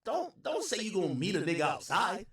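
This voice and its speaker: A man's voice: high voice, a little fast. A man hosting a livestream, giving loose, slangy reaction commentary. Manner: animated, slangy, loose rambling talk. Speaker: livestream host. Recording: echoey, distant room sound.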